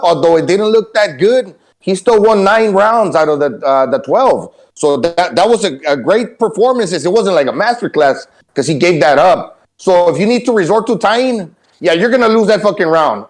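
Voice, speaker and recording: High-voiced rambling podcast man. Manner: rambling, swears casually. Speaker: podcast panelist. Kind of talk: casual voice-chat banter.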